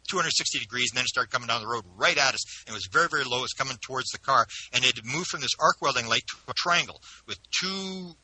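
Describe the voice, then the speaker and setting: A man who is an interview guest, telling a personal story in an animated way with frequent restarts. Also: medium pitch, fast, few pauses, breathy edge, poor audio. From Canada.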